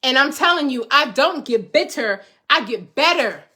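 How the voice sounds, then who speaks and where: Middle-aged woman, motivational host, high bright voice, emphatic and preachy. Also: lively intonation, moderate pace. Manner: emphatic, preachy, repeats phrases for rhythm. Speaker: host, life coach. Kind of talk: motivational talk to viewers.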